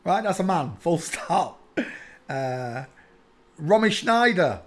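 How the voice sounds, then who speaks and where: A man rants casually in a high voice, mocking and bursting into laughter. His pitch jumps around animatedly, and he repeats short phrases like a chant. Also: sing-song, slow, pauses often. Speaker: online commentator. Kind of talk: casual mocking rant over pictures.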